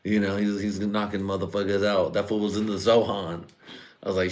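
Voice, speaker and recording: A man's voice: fairly low pitch, fairly even intonation, brisk, darkish tone. A man rambling through a profane live-stream comedy monologue, slipping into mock voices and laughing at his own jokes.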